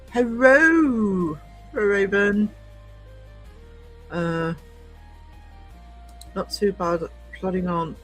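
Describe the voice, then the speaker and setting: A man's voice: sits high, poor audio. A man hosting a casual live stream, chatting and greeting viewers by name, with a cough now and then.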